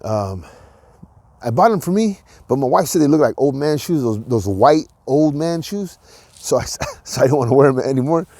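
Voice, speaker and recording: A man's voice: mid-range voice, lively intonation, normal speed, a little mellow, dry recording. A man hosting his own podcast, talking alone in a casual, rambling way with many restarts, earnest and encouraging. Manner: rambling, with frequent restarts and filler words. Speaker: podcast host. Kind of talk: casual solo monologue.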